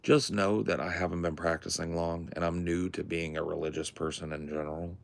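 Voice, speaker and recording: Talking briskly in a low, gravelly voice with little pitch movement, a podcast co-host rambles casually and swears freely. He's speaking from his house in the woods at night.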